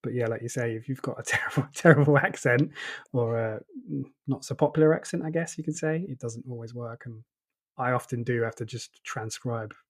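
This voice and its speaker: A man with an Essex accent co-hosting a tech podcast, relaxed and chatty. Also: mid-range voice, brisk. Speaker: podcast co-host. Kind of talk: casual tech discussion.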